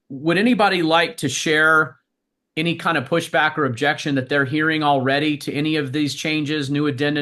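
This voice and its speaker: A man's voice: on the high side, pushed and bright. A man hosting a casual team meeting, drawing in his colleagues with loose, encouraging talk and baseball phrases. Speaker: meeting host.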